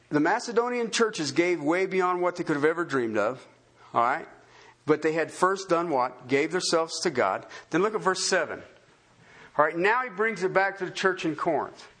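A man's voice: high-pitched, slightly rough. A man preaching a sermon, full of questions put to his listeners. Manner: animated, asks the congregation many questions. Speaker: pastor.

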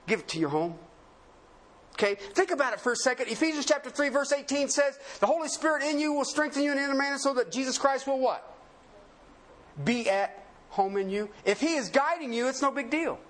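A man preaching a sermon, asking rhetorical questions and swinging between emphatic highs and low murmurs, laughing often. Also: expressive, fairly quick, fairly bright tone.

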